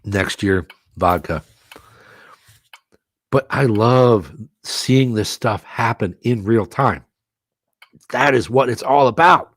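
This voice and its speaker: A middle-aged man hosting a live stream, commentating a fantasy football auction, excitable and quick to laugh at himself. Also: mid-range voice, dry recording, studio quality. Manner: excitable, self-mocking, laughs often.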